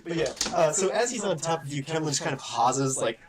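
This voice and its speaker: A man's voice: a little high, expressive, fairly quick, a loud crowd. Man narrating as game master. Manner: loose, filler-heavy narration.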